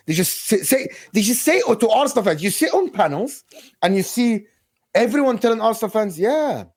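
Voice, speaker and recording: A man's voice: high-pitched, lively intonation, brisk, dry recording. A man hosting a football stream, arguing indignantly in a heated debate. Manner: indignant, argumentative.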